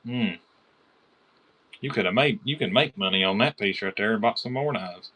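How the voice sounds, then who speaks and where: A man with a Kentucky accent selling knives on a live-stream auction, chatty and excited, calling out bidders by name. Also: on the low side, normal speed, slightly rough.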